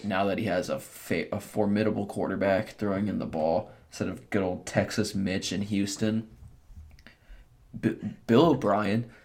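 Low, gravelly man chatting about football. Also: steady tone, normal speed, darkish tone. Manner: hesitant restarts, rambling offhand opinions. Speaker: sports podcast co-host. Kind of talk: casual sports chat.

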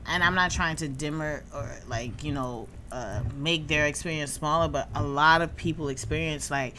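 A woman's voice: sits low, moderate pace, background noise. A woman co-hosting a podcast in casual chat, reflective and full of fillers and encouraging mm-hmms. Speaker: podcast co-host.

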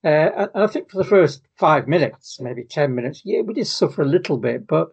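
A man with a husky, slightly higher voice, heard through muffled lo-fi audio. He answers in a measured, hesitant way on a football podcast. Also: lively intonation, darkish tone. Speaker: podcast co-host. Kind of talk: casual football chat.

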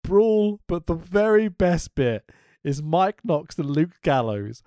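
A co-host chats slowly and giggles often, swearing freely. Their pitch swings widely. The sound is dry and close. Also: big pitch swings, warm tone, dry recording. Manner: giggly, sweary, slow-spoken. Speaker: podcast co-host. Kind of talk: casual recap chat.

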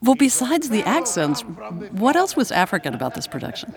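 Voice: mid-range voice, huge pitch swings, crowd noise. An interviewer asking a guest questions with curious, engaged interest. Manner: curious, engaged, quick to laugh along.

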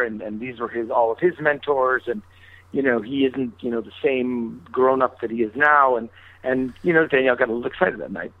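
A man telling a long anecdote in a radio interview, acting out both sides of old phone calls. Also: medium pitch. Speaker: guest chef. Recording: tinny phone-line sound.

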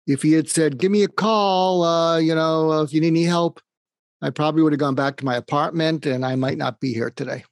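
A man's voice: on the high side, fairly even intonation, a little fast, no echo, studio quality. Earnest man telling a personal story. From suburb of Boston, USA. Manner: earnest, reflective, acts out quoted dialogue. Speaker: psychiatrist guest.

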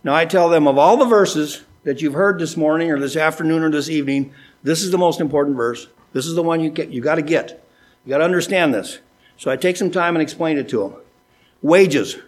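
Man, middle-aged, pastor, folksy sermon, acts out dialogues, fairly high voice, church. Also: a little fast. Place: church sanctuary.

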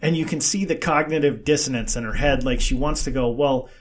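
A man's voice: a little high, quick pace. A man retelling a story in casual podcast chat, acting out the quotes. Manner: storytelling, acts out quotes in raised voices.

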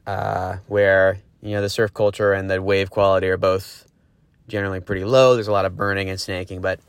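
A man's voice: low-pitched, little pitch movement, brisk, clear, resonant tone, no room sound. A young man from Los Angeles telling a surf story in a grumpy, profane, rambling way. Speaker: caller confessing a surf story. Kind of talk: casual storytelling.

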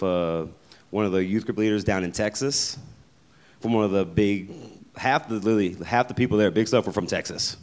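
Young man, deep voice, relaxed rambling testimony to a group. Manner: casual, rambling. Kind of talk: sharing testimony.

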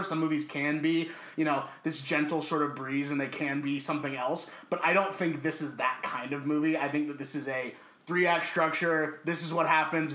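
A man's voice: fairly high pitch, reverberant. A man co-hosting a casual movie podcast, telling stories with lots of swearing and animation. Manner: animated, profane storyteller. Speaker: podcast co-host.

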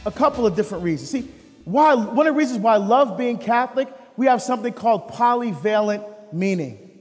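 A man from the United States preaching a sermon as a deacon, lively and full of rhetorical questions. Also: very high-pitched, fairly quick, big-room sound, soft background music.

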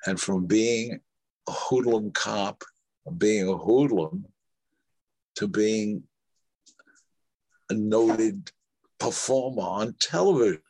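A man's voice: lowish voice, takes it slowly, long pauses, darkish tone, no echo. An older man, an actor guest, telling rambling stories in an interview, with restarts and quoted dialogue. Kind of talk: anecdotal interview storytelling.

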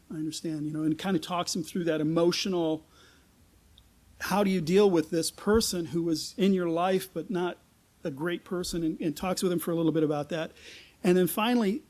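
High-voiced man preaching conversationally. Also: normal speed, darkish tone. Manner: conversational, frequent restarts and repeated words. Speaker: pastor. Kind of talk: sermon with storytelling.

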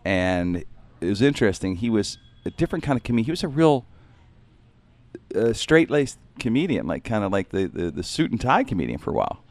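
Low-voiced, rambling comedian. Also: male voice, sing-song, a little fast, a little mellow, dry recording. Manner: rambling, reflective, says "man" often. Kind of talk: casual interview chat.

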